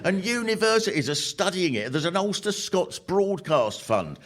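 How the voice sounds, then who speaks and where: Animated, wry stand-up comedian man. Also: high voice, normal speed. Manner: wry, animated, punchline-driven. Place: live venue with audience. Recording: noisy live recording with audience laughter.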